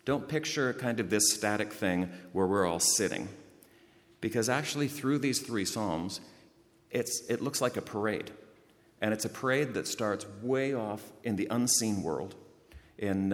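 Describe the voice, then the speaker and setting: Deep-voiced pastor in a reverberant hall. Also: male voice, a little slow. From outside the United States. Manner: lively anecdotal delivery, hushed in prayer. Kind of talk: sermon with storytelling.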